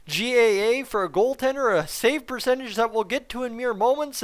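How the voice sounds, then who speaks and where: A middle-aged man hosting a hockey post-game review, talking in excitable, sarcastic, animated rants. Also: very high-pitched, a little fast, hardly any pauses. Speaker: hockey vlogger.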